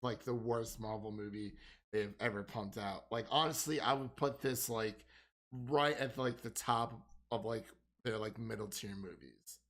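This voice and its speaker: A man's voice: lowish voice, unhurried, a bit bright. A man co-hosting a casual movie review chat, rambling with constant "like" fillers and frequent laughs.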